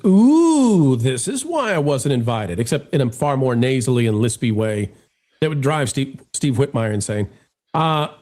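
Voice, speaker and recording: A man hosting a live stream in casual chat, animated and joking as he talks straight to his viewers. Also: medium pitch. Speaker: livestream host.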